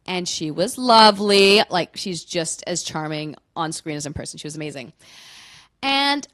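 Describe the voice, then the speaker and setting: Lively woman doing stand-up. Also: fairly low pitch. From Canada. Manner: candid, self-mocking storytelling with quick punchlines. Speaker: stand-up comedian. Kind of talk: stand-up comedy set.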